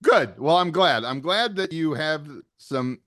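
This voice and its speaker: Older man, podcast co-host, lively pitch, frequent laughter, casual chat. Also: unhurried. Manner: laughs often, lively and chatty.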